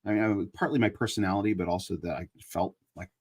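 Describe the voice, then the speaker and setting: Husky low-voiced man, earnest live chat. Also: steady tone, quick pace. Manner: earnest and emphatic, building into preaching. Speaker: online show host. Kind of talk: casual live chat with religious reflection.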